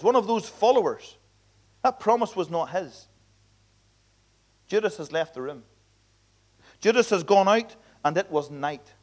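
Earnest high-voiced preacher. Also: male voice. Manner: earnest, emphatic preaching with repeated appeals. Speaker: pastor. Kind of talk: sermon. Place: church.

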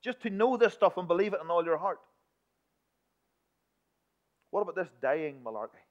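A man preaching a sermon in a church, emphatic one moment and hushed the next. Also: high-pitched, expressive, fast talker. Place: church building. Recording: dull lo-fi recording.

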